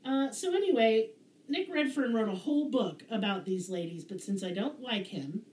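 A woman's voice: on the high side, normal speed, slight background noise. Sarcastic twangy Southern woman host. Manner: sarcastic, profane, animated storyteller. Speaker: podcast host. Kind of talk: casual storytelling chat. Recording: roomy echo.

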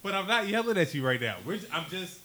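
A man from New Jersey in a casual chat among friends, talking in an emphatic, animated way and swearing freely. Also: high voice, quick pace, a crowd in the background, rough recording. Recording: faint hiss.

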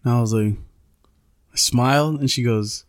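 Podcast co-host, man, mid pitch, easygoing storyteller full of bro and dude, dry close sound. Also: moderate pace, no room sound. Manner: laid-back, swears freely, says bro and dude. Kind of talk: casual storytelling chat.

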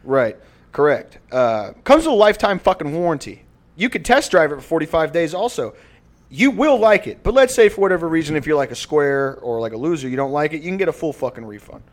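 A man's voice: a little high, very animated, fairly quick. A young man co-hosting a podcast, chatting loosely and profanely, joking through an ad read. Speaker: podcast co-host. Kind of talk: casual podcast chat with ad read.

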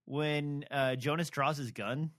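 A man's voice: fairly high pitch, steady tone, slow, fairly bright tone. A man co-hosting a podcast, talking casually about a book in a rambling, hesitant way. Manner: rambling, hesitant, many fillers. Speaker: podcast co-host.

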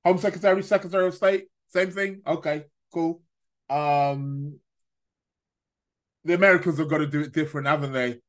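A man hosting a casual live stream, his voice sitting a little high for a man. He rambles, trips over his words and laughs at his own asides, in a loose, chatty way. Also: steady tone, normal speed. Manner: rambling, stammers and restarts, laughs at own jokes. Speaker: astrology live-stream host.

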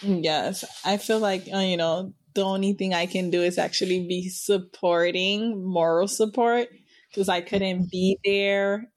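A woman's voice: mid-range voice, fairly even intonation, unhurried. A woman co-hosting a podcast in playful, casual chat who laughs easily. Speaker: podcast co-host.

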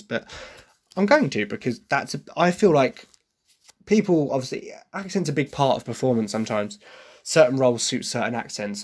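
An Englishman talks at length about a musical he loves. He rambles, restarts his sentences and keeps adding apologetic asides. His voice sits in a plain middle pitch. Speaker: podcast host reviewing a musical. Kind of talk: casual opinion monologue.

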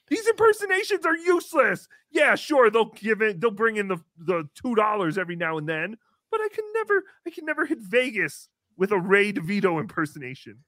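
A man doing Tukey, a whiny high-voiced showman. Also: fairly bright tone, dry recording, exaggerated voice. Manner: speaks of himself in third person, whiny and melodramatic. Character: silly, self-pitying, nasal-voiced male showman. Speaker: livestream show host. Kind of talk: comedic live-stream character bit.

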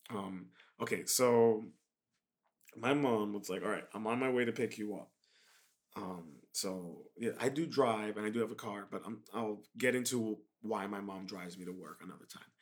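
Laid-back rambling man. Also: lowish voice. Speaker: podcast host. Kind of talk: casual monologue.

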